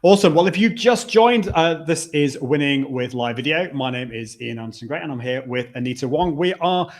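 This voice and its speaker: A talkative man hosting a live stream, his voice sitting a little high for a man. He chats loosely with his guest, trips over the start of sentences, and reads viewer comments aloud. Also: animated, fairly quick. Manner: chatty, restarts, reads out comments. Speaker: host.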